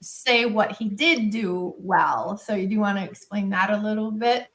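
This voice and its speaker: A woman's voice: mid-range voice, measured pace. A woman hosting a live interview, effusive and enthusiastic, laughing often as she praises her guest. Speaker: host.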